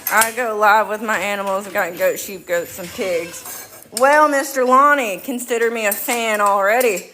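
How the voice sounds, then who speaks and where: A woman's voice: medium pitch, moderate pace, sharp tone. A middle-aged woman with a Southern US accent, chatting folksily on a livestream and greeting viewers by name while milking goats. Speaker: livestream host. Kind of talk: casual livestream chat. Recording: noisy with machine hum. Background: milking machine running.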